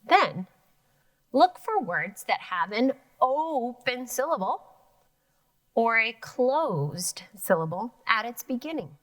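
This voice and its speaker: A woman's voice: on the high side, sing-song, takes it slowly, a bit bright. A woman teaching an elementary phonics lesson, sounding out words syllable by syllable.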